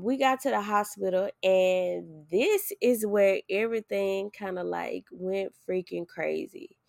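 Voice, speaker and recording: A woman hosting a podcast, telling a personal story in casual chat, animated, acting out what people said and swearing freely. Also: mid-range voice, creaky, no echo, studio quality.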